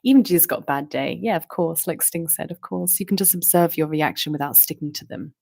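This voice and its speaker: Woman vlogger, low-ish voice, loose rambling musings full of fillers and asides. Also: brisk, gravelly, a little mellow. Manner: meandering, full of fillers and rhetorical questions. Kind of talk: rambling stream-of-consciousness monologue.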